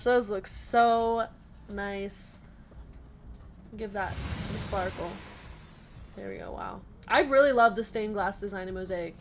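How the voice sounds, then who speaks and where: A woman hosting a live trading card break, chatty and giggly, calling out the cards she pulls and reading comments from the chat. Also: fairly high pitch. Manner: giggly, laughs often between card calls.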